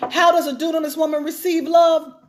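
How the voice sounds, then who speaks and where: High-voiced woman preaching with emphasis. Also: little pitch movement, brisk, background noise. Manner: emphatic, repeats phrases for stress. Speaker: pastor. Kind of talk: sermon-style teaching talk.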